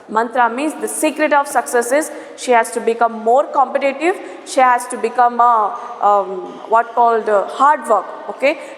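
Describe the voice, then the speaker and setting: A woman teacher with an Indian English accent, slowly explaining a textbook lesson, repeating herself and checking in with "okay?". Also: high-pitched. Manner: slow, repetitive explaining with many fillers and "okay?". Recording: echoey room with long reverb.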